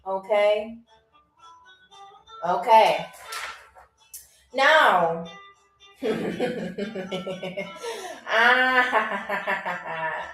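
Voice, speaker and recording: A woman hosts a live trivia stream as a game show host, chatting casually and teasing viewers while reading their comments. Her voice is high and slightly bright, recorded far from the mic in a roomy echo with faint music behind her.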